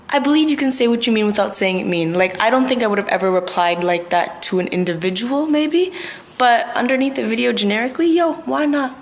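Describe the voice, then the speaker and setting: A woman's voice: medium pitch, fairly quick. A woman in her twenties, talking to camera in a casual vlog rant, outspoken and emphatic with plenty of slang. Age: 20s. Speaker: vlogger.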